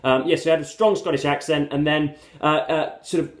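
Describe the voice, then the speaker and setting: A man's voice: fairly high pitch, fairly even intonation, normal speed. A man reviewing books to camera in a casual, rambling way, full of hesitations and fillers yet using erudite vocabulary and wry asides to his viewers. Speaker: book reviewer. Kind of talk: casual book commentary to camera. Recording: roomy echo.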